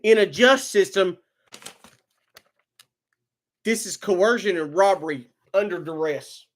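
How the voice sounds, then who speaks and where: A man with a high voice, speaking slowly, rants angrily on a live stream, swearing and often repeating and restarting his words. The tone is heated and profane.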